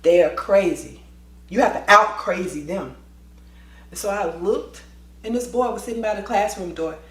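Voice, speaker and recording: A woman telling a school story in a lively vlog style, acting out the voices with quick asides. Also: medium pitch, reverberant. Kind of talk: storytime vlog, animated retelling.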